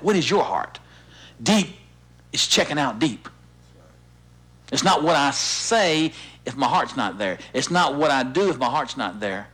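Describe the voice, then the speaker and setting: A man preaching as pastor, leading his congregation in repeating lines, animated and insistent. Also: a little slow, pauses often, breathy edge. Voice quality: animated, swooping pitch when stirred. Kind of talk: sermon with call-and-response.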